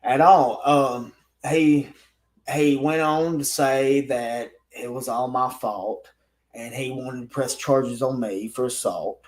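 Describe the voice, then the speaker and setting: A man's voice: mid-range voice, steady tone, slow pace, low-quality recording. Blunt, profane man telling a story. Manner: rough, informal speech. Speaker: guest telling stories from law enforcement work. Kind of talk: casual podcast conversation.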